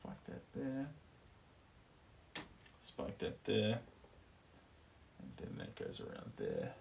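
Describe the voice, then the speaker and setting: A man's voice: on the low side, wildly swooping pitch, takes it slowly, gravelly, darkish tone, recorded from a distance, slight background noise. A man with a New Zealand accent chatting casually on a live stream while he paints. He murmurs to himself about his strokes and stops now and then to answer viewer comments.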